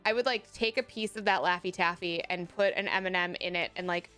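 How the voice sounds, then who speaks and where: A woman, chatting casually on a live stream, animated and laughing often as she answers chat. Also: lowish voice, a little fast, smooth, soft background music.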